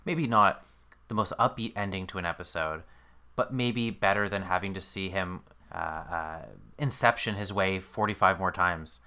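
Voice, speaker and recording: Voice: normal speed, sharp tone. A podcast co-host joking and laughing through a casual chat about a TV episode. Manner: jokey, laughs often, big pitch jumps.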